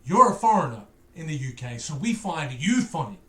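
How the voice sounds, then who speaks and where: A man's voice: on the high side, very animated, moderate pace, a bit bright, echoey room. A man with a Liverpool accent tinged by Australian, casually commenting on a music video, joking and ranting playfully with stammered repeats. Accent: Liverpool, softened by Australian. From Liverpool, England. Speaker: music reaction host.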